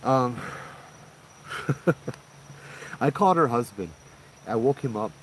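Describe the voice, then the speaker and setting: A man, casually retelling a paranormal encounter as host, in an animated, conversational way. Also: mid-range voice, takes it slowly, slight background noise, rough recording. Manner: animated, conversational retelling with frequent "you know" and "right?". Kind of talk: casual spoken ghost story.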